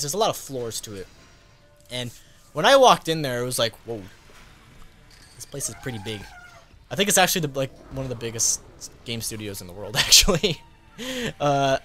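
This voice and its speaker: This man, a YouTuber who does gaming content, meanders through a casual story-time video full of filler words and brief laughter. The voice is mid-range and fairly bright.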